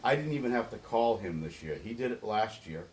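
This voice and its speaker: A man's voice: on the low side, fairly quick, slight background noise. Earnest middle-aged man telling stories. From New England. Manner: earnest, animated storyteller with frequent restarts. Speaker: interview guest, boatyard volunteer organizer. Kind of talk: storytelling in a podcast interview.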